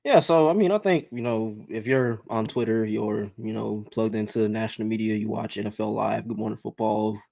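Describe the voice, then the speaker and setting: Measured male sports analyst, dry sound. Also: on the low side, vocal fry, a little mellow, no echo. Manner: measured, lots of "um" and "you know". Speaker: podcast co-host.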